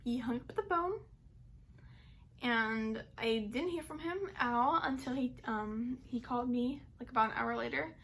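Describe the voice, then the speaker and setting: A woman's voice: fairly high pitch, a little slow, fairly bright tone. A young adult woman telling a personal story to camera in a casual, rambling way, full of "like" and "um". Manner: rambling, heavy use of "like" and "um". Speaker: vlogger.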